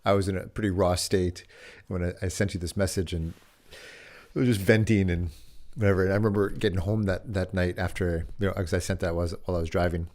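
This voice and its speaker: A man co-hosting a podcast about fatherhood, telling a personal story in an earnest, halting way. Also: deep voice, flat delivery, darkish tone. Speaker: podcast co-host. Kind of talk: reflective casual conversation.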